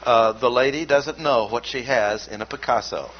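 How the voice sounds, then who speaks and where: Male Bible teacher, mid-pitched, emphatic and deliberate, dull lo-fi recording. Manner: measured, emphatic, repeats key words. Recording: dull lo-fi recording with faint noise.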